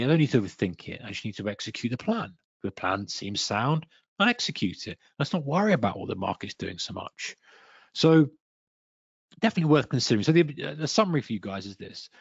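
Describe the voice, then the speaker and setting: A man's voice: medium pitch, no echo. A man presents a trading lesson in a webinar. He voices a trader's doubts as quoted asides and slips in playful sound effects. The audio is dull and slightly lo-fi, and the close mic gives a dry sound. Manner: acts out a trader's self-talk in quoted asides. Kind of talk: instructional webinar talk.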